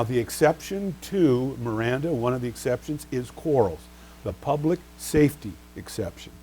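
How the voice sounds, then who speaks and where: In a low-quality recording with a bit of hiss or hum, a man with a warm, mid-range voice teaches a bar exam review lecture. He poses rhetorical questions and answers them himself, stressing key terms and spelling out case names.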